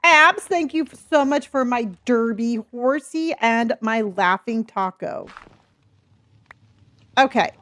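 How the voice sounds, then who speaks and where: A woman's voice: fairly high pitch, slow, a bit bright. A middle-aged woman livestreaming a game, chatting casually and rambling as she reads her chat and laughs often. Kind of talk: casual chat while gaming.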